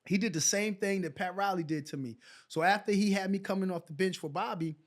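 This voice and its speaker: Animated middle-aged man telling stories. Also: high voice, a little fast. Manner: animated storyteller who acts out quoted exchanges. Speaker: guest, former pro basketball player. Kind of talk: casual storytelling interview.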